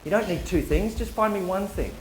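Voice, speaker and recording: A man's voice: high voice, a little fast, slight background noise. A man giving a live university talk, playful and joking, firing off rhetorical questions at the audience. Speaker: public speaker. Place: university lecture hall. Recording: roomy hall echo.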